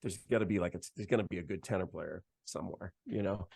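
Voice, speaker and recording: Young male musician guest, low gravelly voice, rambling casual storyteller, dry close sound. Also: fast, darkish tone, no echo. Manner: chatty, heavy use of "like" and "man". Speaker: guest saxophonist.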